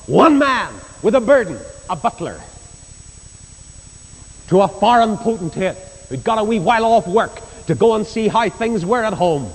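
A man's voice: lively intonation, moderate pace. An older man with a Northern Irish accent preaching a sermon, telling Bible stories and acting out the voices in them. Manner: storytelling, acts out quoted voices, rises in pitch for emphasis. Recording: long reverb of a hall.

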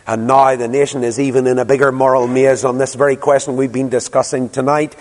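A man's voice: medium pitch, level tone, a little fast, a little mellow, in a large hall. A man preaching a fervent sermon as a pastor in a church, pleading with his listeners. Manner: fervent, rising to impassioned pleading.

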